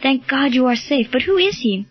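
A woman's voice: sits high, expressive, moderate pace, husky, no room sound, soft background music. A woman reading the part of an anxious, emotional mother. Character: anxious pale mother, grieving lady. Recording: dull lo-fi, dry.

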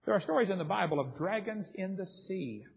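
A man giving a seminar, telling stories vividly and reading eyewitness accounts aloud. His voice sits a little high and sounds husky. The recording is dull, with long reverb from a hall. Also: animated, brisk. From United States. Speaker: seminar speaker. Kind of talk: lecture storytelling.

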